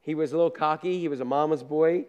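A pastor preaching a sermon in a conversational storytelling way, with down-to-earth asides, moving between loud bursts and quiet remarks. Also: male voice, on the high side, fast, clear, resonant tone, dull audio.

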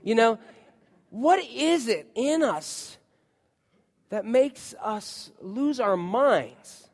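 A man in his forties preaching a sermon, telling stories to his congregation in a lively, conversational way. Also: very high voice, drawn-out words. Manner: storytelling, animated, conversational with congregation. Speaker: pastor. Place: church sanctuary. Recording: long reverb of a hall.

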